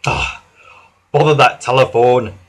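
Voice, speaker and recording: A man voicing a stern but kind railway boss in a children's storybook reading, firm and commanding with loud exclamations. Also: fairly high pitch, huge pitch swings, measured pace, breathy edge, exaggerated voice.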